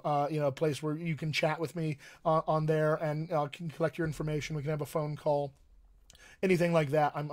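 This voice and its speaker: A man working as a dialect coach, answering viewer questions on a live stream in a friendly, encouraging way with frequent fillers. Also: a little high.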